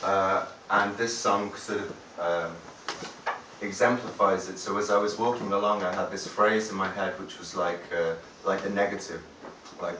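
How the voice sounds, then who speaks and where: A man's voice: low-pitched, fairly even intonation, normal speed, music in the background. Rambling, swearing man on stage, far off. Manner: rambling, hesitant, swears freely. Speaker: singer-songwriter performing live. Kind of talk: stage banter between songs. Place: live music venue. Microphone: far-off audience camera. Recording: echoey gig hall from far off.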